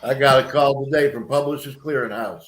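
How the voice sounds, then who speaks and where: A man's voice: medium pitch, fairly quick. A man hosting a casual live chat, telling stories in a blunt, profane way. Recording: echoey room with background noise.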